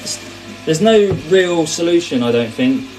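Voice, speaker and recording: A man's voice: on the high side, animated, measured pace, over music, poor audio. A man hosting a casual cooking livestream, chatting and rambling as he answers viewer comments. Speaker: cooking host. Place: kitchen.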